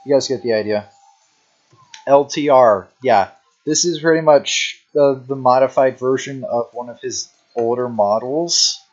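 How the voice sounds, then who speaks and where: A drowsy man talks through his picks in a slow, unhurried drawl, leaning constantly on "you know" and "um." His voice sits at an ordinary middle pitch. The recording sounds dull and low-fidelity, like a cheap home mic. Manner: rambling, heavy on fillers like "you know"; unhurried, drawn-out delivery. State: sleepy, yawning. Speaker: deck showcase narrator. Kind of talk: casual rambling commentary.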